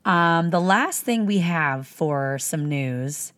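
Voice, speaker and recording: Podcast co-host, woman, twenties, chatty and giggly, lowish pitch. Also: lively intonation, slow, a bit bright. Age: 20s. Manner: bubbly, chatty, breaks into laughter. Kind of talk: casual chat.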